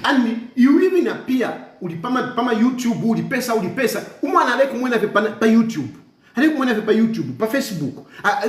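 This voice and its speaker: Extremely high and sing-song at normal speed, the voice echoes around the room. A commentator with a Zambian accent rants passionately for social media, mocking, repeating himself, alternating languages and laughing in contempt.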